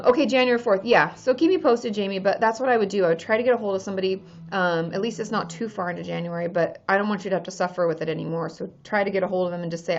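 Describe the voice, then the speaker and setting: A woman's voice: mid-range voice, muffled recording. A woman from Washington State, a therapist chatting casually on a livestream, answering viewers and reading their names aloud.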